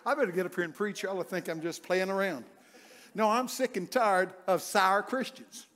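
A man's voice: high-pitched, lively intonation, normal speed, a bit bright. An older man preaching a humorous, folksy sermon full of stories, often laughing and acting out voices.

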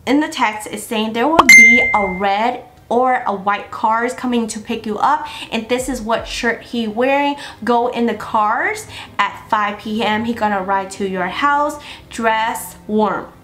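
Chatty young woman vlogger, slightly high. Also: a little slow. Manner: chatty, animated, addresses viewers directly. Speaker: beauty vlogger. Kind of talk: casual storytelling to camera.

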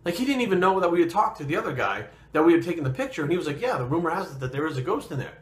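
A man's voice: fairly high pitch, sing-song, very fast. Guy from new england swearing nonstop while he tells a story, kinda echoey room. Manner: profane and rambling, swears constantly. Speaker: fitness vlogger. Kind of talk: casual storytelling.

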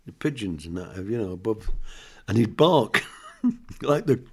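Older comedian guest, low and animated, a chatty storyteller acting out gags. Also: male voice, a little slow, creaky, husky. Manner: chatty storyteller, laughs often, acts out jokes. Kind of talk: anecdotal interview chat.

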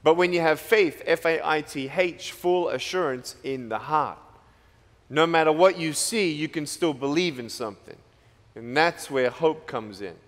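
A man's voice: fairly high pitch, a little slow. A man from Australia giving a playful, joking motivational talk to students in a large school hall. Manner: playful, joking, lively storyteller. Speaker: motivational speaker.

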